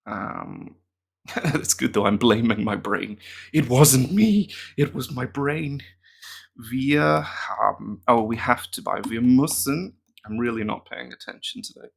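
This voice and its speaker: A man's voice: mid-range voice, lively intonation, slow, creaky, husky. A man, a German teacher, chatting casually and mocking himself as he works through language app exercises aloud. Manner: chatty and self-mocking, muttering answers aloud.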